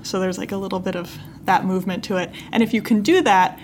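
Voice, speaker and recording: A woman's voice: mid-range voice, fairly even intonation, fast, a little hiss or hum. Wry chatty woman co-host. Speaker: podcast co-host learning investing. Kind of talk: casual chat.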